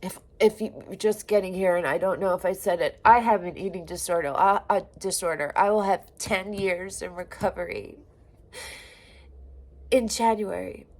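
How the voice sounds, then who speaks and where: A woman in her forties venting in a personal video diary, raw and emotional, swearing often and breaking off mid-sentence. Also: mid-range voice. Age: 40s. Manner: halting, restarts and trailing phrases. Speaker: vlogger.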